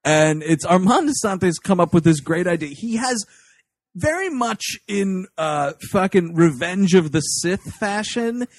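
A man's voice: high-pitched, a little slow, dry recording. A man co-hosting a casual film review podcast, rambling and swearing as he talks. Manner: profane, rambling, animated. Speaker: podcast co-host.

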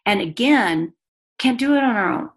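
Woman guest speaker, lively and emphatic, chatty faith podcast talk. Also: a little high. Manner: animated and emphatic, quick asides with laughter. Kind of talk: faith-focused podcast conversation.

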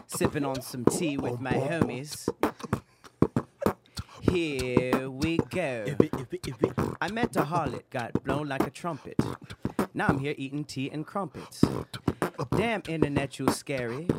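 A man's voice: a little high, very noisy. A man voicing a mock-posh British rapper in a castle, freestyling comic rhymes in an exaggerated fake British accent. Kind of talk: comedic freestyle rap.

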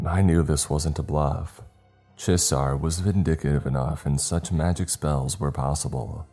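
A male storyteller reads a first-person horror tale in a steady, dramatic way. His voice is extremely deep and mellow-dark, and soft music hangs faintly behind him. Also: a little slow. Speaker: narrator. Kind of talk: scripted horror story narration.

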